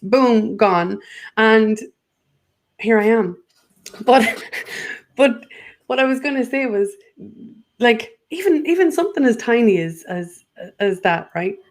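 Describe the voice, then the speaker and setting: A woman's voice: fairly high pitch, expressive, slow pace, long pauses. A woman, a guest in a spiritual conversation, talking in an earnest, rambling way with many restarts.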